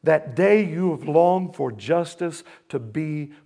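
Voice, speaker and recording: This pastor's voice is gravelly and animated, yet his delivery is slow. His sermon swings from booming to hushed and back, and he calls out for the congregation to respond.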